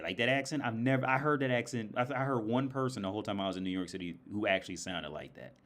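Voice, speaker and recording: A man's voice: medium pitch, fast, few pauses. An American man rambling casually on a livestream, swearing a lot and laughing often. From United States. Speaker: livestream host.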